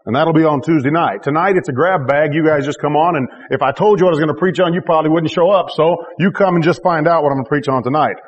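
A man's voice: fairly high pitch, fast talker, few pauses, big-room sound, lo-fi sound. A man pastor preaching a sermon to his congregation, emphatic and repetitive, with joking asides. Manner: emphatic, repeats key phrases with rising intensity. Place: church.

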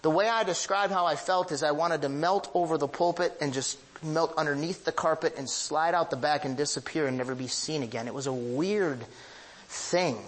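A man preaching a sermon as pastor, emphatic and confessional, telling personal stories with big swings in his voice. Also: fairly bright tone. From northern United States. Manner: emphatic, with sweeping pitch rises; confessional, anecdotal storytelling.

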